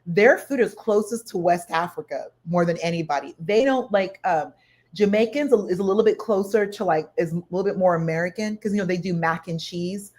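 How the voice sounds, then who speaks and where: A woman's voice: lowish voice, brisk, darkish tone. A woman co-host in a casual chat, giving cooking tips and explaining each step in turn.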